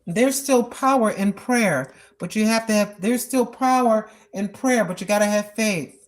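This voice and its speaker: An American woman in her sixties vlogs outdoors while walking, her medium-pitched voice unhurried. She offers spoken prayer and testimony, talking earnestly about prayer in a repetitive, preacherly way.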